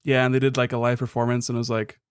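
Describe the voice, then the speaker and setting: A young man co-hosts a relaxed podcast chat with a smooth, resonant voice. He talks things through thoughtfully and slips in dry jokes. The sound is close and dry, with no room around it. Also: medium pitch, rapid-fire, no echo. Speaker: podcast co-host. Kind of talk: casual chat.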